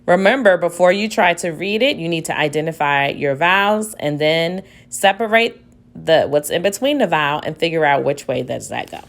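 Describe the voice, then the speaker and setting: A woman teacher slowly sounding out word syllables aloud in a phonics lesson. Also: sits low, animated, creaky.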